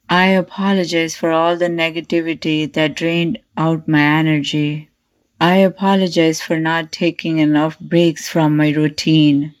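A woman reading her own written apology to herself as one long, steady list. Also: deep voice. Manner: steady, repetitive listing.

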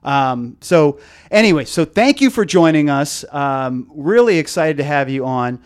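Slightly high-voiced male podcast host. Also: lively intonation, unhurried, smooth. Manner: hesitant, many fillers and restarts. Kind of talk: casual podcast chat.

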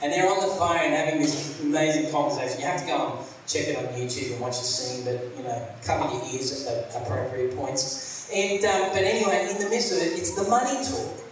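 A man's voice: fairly high pitch, steady tone, brisk. Echoey, distant male pastor preaching. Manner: rambling, conversational, many fillers and restarts. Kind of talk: sermon. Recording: echoey room, mic at a distance, faint hiss.

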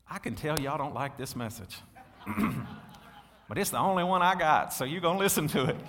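Preacher, man in his 40s, bright tone, lively call-and-response, church hall echo. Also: a little high, measured pace, creaky, pauses often. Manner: animated, calls out to congregation, swings loud and soft. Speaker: pastor. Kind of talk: sermon. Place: church sanctuary. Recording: long hall reverb.

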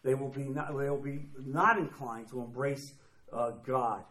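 A man's voice: mid-range voice, steady tone, unhurried, fairly bright tone. A man preaching a sermon emphatically, repeating phrases and acting out quoted voices. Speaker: pastor. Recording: echoey room.

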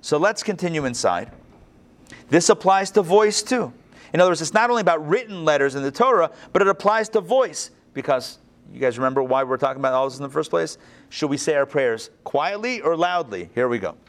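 A Torah teacher leads a text-study class, his voice pitched a little above most men's. He reads from the book, then discusses it in a loose, animated, conversational way full of quick asides and restarts.

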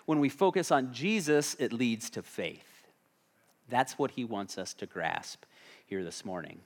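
Lively conversational male pastor preaching. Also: mid-range voice, unhurried. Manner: conversational, asks the congregation questions. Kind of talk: sermon.

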